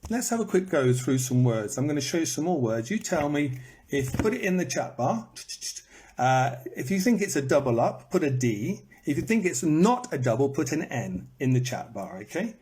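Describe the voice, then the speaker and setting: Lively husky man teaching. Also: on the high side, moderate pace. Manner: lively, repeats words to show stress, bursts into song. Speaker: English teacher. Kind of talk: live online lesson. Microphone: phone.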